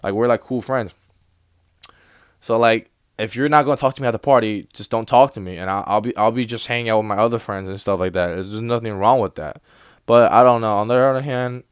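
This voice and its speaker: A man's voice: medium pitch, clean tone, dry recording, clean studio sound. A young man in college casually telling a personal story, rambling with many restarts and quoted back-and-forth. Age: young adult.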